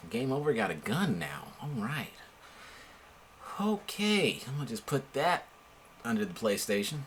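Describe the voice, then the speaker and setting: A young man tells a personal story in an easygoing, slang-heavy way, with a pitch that swings widely as he gets into it. His voice sits in a middle register, with a faint hum in the background. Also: measured pace. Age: young adult. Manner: animated, laid-back slangy delivery with asides. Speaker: storyteller vlogger. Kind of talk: casual storytelling.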